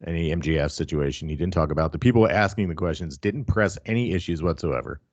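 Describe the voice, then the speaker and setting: A man with a low, heavy voice rants his way through a casual podcast chat, profane and sarcastic. The sound is dry and a little muffled, with no room around it. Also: quick pace, no echo. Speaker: podcast co-host.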